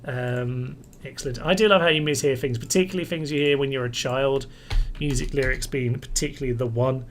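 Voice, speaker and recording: A man speaking a little fast with fairly even intonation gives dry, casual commentary on his strategy game, reasoning aloud and showing mild frustration at setbacks. Faint music and air-conditioner rumble play in the background.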